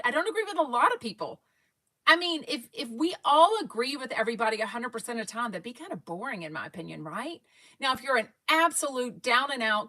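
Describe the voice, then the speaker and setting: On a relaxed fan livestream, a woman from Texas rambles and chats, reading her viewers' comments out loud. The fan podcast host has a Texan accent and a sharp voice that sits on the high side.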